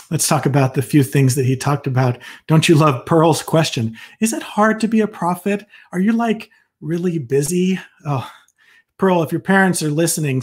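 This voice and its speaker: A man, a psychologist, giving an earnest, enthusiastic devotional fireside talk with casual asides and a personal testimony. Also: fairly high pitch.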